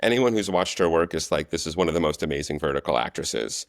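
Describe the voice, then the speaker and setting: A man telling set stories as a guest, relaxed and chatty in a casual interview. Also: rumbling low, quick pace, no room sound, studio quality. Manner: animated storyteller, relaxed and chatty. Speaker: guest, actor and stunt coordinator.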